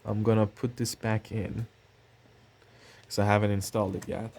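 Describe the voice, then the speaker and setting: Male vlogger, fairly low voice, loose chatty unboxing talk with fillers. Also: little pitch movement, normal speed, a little mellow. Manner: chatty, rambling, thinking aloud with fillers. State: coughing now and then. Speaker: tech channel host. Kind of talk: casual unboxing narration.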